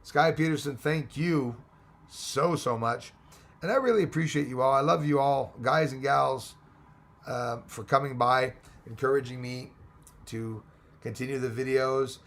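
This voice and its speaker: Going through viewer comments in turn, a man hosts a casual live chat with a Texan twang and a gravelly fry in his mid-range voice. His pace is a little slow. The talk rambles chattily, now and then turning excitable.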